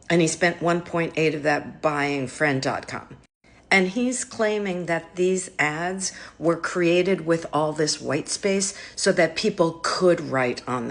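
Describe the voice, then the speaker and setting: A woman's voice: sits low, gravelly. A woman marketing expert giving casual, skeptical commentary to camera in a conversational way.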